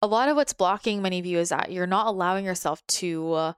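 A woman teaching a spiritual practice in a gentle, soothing way, now and then acting out her inner voices. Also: fast talker, smooth, dry recording, studio quality. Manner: gentle, soothing, occasionally voices her ego in a higher pitch. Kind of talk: guided spiritual talk.

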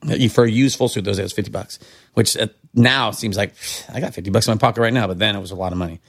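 A middle-aged man from Santa Cruz telling animated stories as a podcast guest, jumping high in pitch when he quotes people. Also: fast talker, creaky. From Santa Cruz, California. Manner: animated, acts out quotes with big pitch jumps. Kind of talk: casual storytelling.

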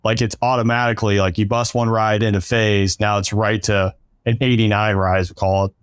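A man's voice: lowish voice, flat delivery, brisk, smooth, no room sound. A man hosting a podcast, asking a long, loose question full of fillers in casual interview talk. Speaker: podcast host.

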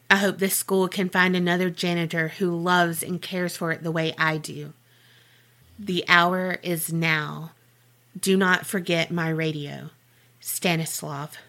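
A woman voicing a despairing old male school janitor writing a farewell letter, read slowly and gravely in a hushed voice. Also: on the low side. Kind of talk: scripted narration.

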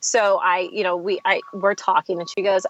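A woman's voice: on the low side, moderate pace, dull audio, a little hiss or hum. A woman who is a mother, a podcast guest telling funny stories about her kids and acting out their voices. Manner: animated, acts out her kids' voices. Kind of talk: casual chat, storytelling.

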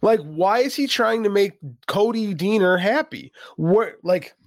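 A man's voice: high-pitched, expressive, unhurried, no echo, clean studio sound. A man co-hosting a wrestling podcast, ranting in an exasperated, profane, casual way. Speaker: podcast co-host.

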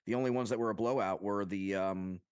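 Low-voiced young man chatting animatedly. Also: brisk, clean tone, dry recording, studio quality. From Long Island, New York. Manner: animated, swearing, jokey with fake accents. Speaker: podcast co-host. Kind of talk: casual chat.

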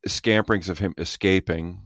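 A man's voice: low-pitched, fairly even intonation, moderate pace, fairly bright tone, no echo. A man co-hosting a casual film-discussion podcast, talking emphatically and piling up descriptive words.

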